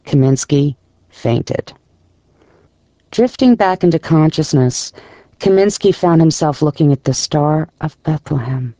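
Male audiobook narrator, gravelly, dry close read, measured. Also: fairly high pitch, lively intonation, mellow, dry recording.

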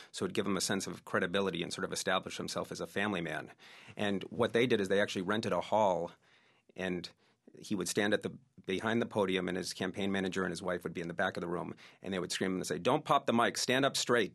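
Fast-talking deep-voiced male researcher. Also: gravelly, a bit bright. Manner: eager, anecdotal storytelling. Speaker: researcher and oral historian. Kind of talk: interview guest explaining his research.

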